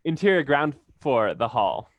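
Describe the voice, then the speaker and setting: A man's voice: mid-range voice, very animated, a little slow. A man reading a script's stage directions aloud in a plain delivery, now and then tripping over a word. His voice sits mid-range and sounds close and dry, with no room echo. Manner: plain, occasionally stumbling and laughing.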